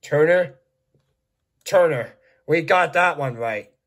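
A man voicing a cheerful, friendly male builder in an amateur storybook act, talking slowly and gently. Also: a little high. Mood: upbeat.

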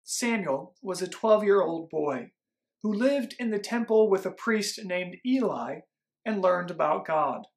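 A man's voice: high voice, lively intonation, measured pace, gravelly. A man working as a children's pastor, reading a Bible story to young children and leading them in call-and-response prompts.

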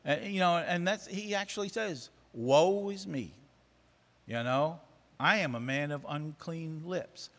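A man's voice: fairly high pitch, pushed and bright. A man preaching a sermon, emphatic and repeating phrases for effect. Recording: long reverb of a church hall.

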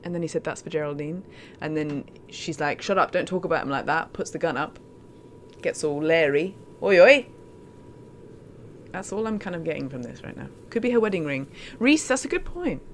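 A woman's voice: sits low, lively intonation, brisk, slight background noise. A woman chatting casually on a live stream as she plays a game, in a self-mocking way.

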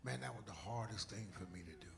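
Gravelly pastor preaching with emotion. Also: male voice, on the low side, fast talker, slight background noise. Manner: emotional preaching, swinging from loud shouts to hushed whispers. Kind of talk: sermon. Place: church sanctuary.

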